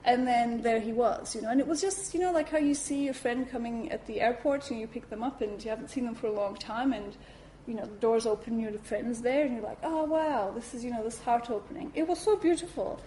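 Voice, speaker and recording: A woman giving a talk at a Buddhist centre, telling a personal story in a lively way, acting out her reactions and saying "you know" often. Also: fairly high pitch, fairly quick, a little hiss or hum, low-quality recording.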